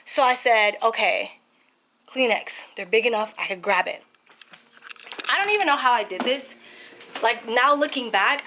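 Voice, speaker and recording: A young woman vlogging from her apartment, telling a story in a casual, animated way with lots of "like" fillers. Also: a little high, slight background noise. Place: apartment, indoors.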